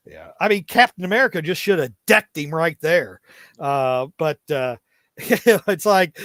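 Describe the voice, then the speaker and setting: A man's voice: a little high, expressive, takes it slowly, pauses often, a bit bright, dry recording. A man hosting a comic book podcast, talking casually and animatedly, laughing often and reading lines from the comic in mock voices. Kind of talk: casual chat.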